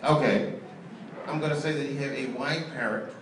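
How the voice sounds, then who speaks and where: A man's voice: mid-range voice, normal speed, recorded from a distance. A male stand-up comedian doing profane, teasing crowd work on a comedy club stage. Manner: profane, bantering, teasing audience members. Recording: echoey live club recording, loud crowd.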